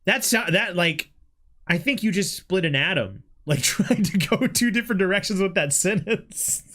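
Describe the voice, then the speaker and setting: A man's voice: high voice, lively intonation, moderate pace, a bit bright. Guy on a podcast reading his story out, jokey, laughs a lot, voice goes all over the place. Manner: laughs often, playful teasing. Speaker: podcast co-host. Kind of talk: casual chat reading a story aloud.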